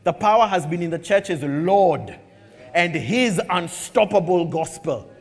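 A man preaching a sermon, animated and humorous, acting out bits of dialogue as he tells a story. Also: high voice, a little slow, in a large hall. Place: church hall.

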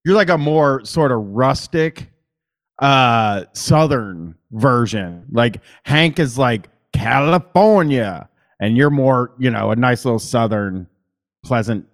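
A man with a plain Midwestern accent hosts a call-in show. He talks loosely and rambles, swearing freely and filling gaps with ums. His pitch sits in the middle. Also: expressive, slow. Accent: Midwestern American. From Columbus, Ohio. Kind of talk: casual call-in chat.

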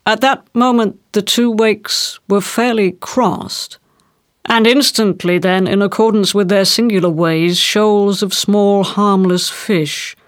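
A woman reading a classic novel aloud in a measured, deliberate way. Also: mid-range voice, fairly even intonation, dry recording, clean studio sound. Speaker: audiobook reader. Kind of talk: literary reading.

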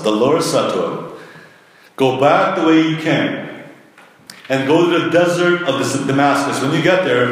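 A man's voice: a little high, fairly bright tone. A male pastor giving a sermon, reading scripture aloud and acting out the prophet's complaints in a raised, exasperated voice. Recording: echoey hall with long reverb.

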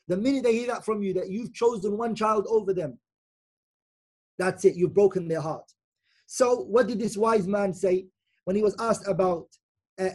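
A man with a husky, slightly rough voice gives a Quran commentary lecture as an Islamic teacher. He explains patiently and repeats his key points. He often pauses to ask "okay?" to keep his listeners with him. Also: high-pitched, darkish tone. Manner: repeats key phrases for emphasis.

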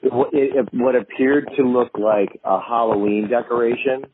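A man calls in as a podcast guest and tells his story with lively energy, jumping into the voices of the people in it. His voice sits in an ordinary middle range for a man. It comes through a narrow, tinny phone line with a faint hiss underneath. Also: mid-range voice, moderate pace. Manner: animated, acts out other people's lines in a raised voice. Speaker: guest filmmaker. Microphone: phone call.

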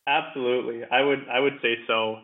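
A man's voice: medium pitch, steady tone, a little fast. A man from Ottawa, Canada, a podcast guest who talks easily, with many fillers and repeated words. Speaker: podcast guest, energy professional. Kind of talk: casual interview conversation. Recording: tinny phone-like line.

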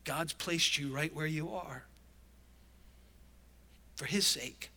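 A man's voice: fairly high pitch, slow, creaky, bright, forceful tone. A male pastor delivering a sermon in an emphatic, conversational preaching manner.

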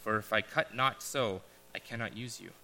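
A man voicing a gentle, grave male master of a garden in a read-aloud parable, speaking quietly and slowly. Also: lowish voice, creaky. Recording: echoey large hall.

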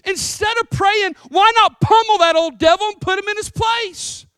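A man's voice: very high voice, moderate pace, no echo, voice pushed up. A preacher acting as an alarmed, pleading male disciple. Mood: incredulous. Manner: incredulous, pleading, rising to shouts.

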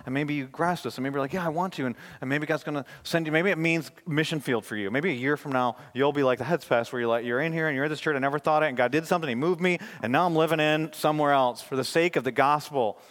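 A man with children, a pastor delivering a sermon, earnest and emphatic, then praying in a hushed voice. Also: fairly high pitch, fast, few pauses. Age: adult with children. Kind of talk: sermon and closing prayer.

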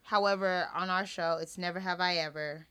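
A woman co-hosting a podcast in casual chat, animated and teasing, laughing often. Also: on the low side, normal speed, clean tone. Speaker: podcast co-host.

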